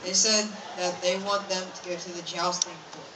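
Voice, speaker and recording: A man's voice: high voice, flat delivery, moderate pace, background noise. A man volunteering on stage as an interpreter, hesitant and improvising his answers. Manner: hesitant, making things up on the spot. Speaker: audience volunteer acting as interpreter. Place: outdoor fair stage. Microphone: audience camera from a distance. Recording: distant echoey outdoor crowd recording. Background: loud crowd.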